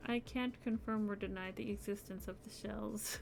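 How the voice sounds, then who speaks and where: A woman's voice: mid-range voice, fairly even intonation, moderate pace, gravelly, a little mellow, slight background noise. A young adult woman streaming her crochet, chatting casually and sounding sleepy and yawny. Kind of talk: casual live-stream chat.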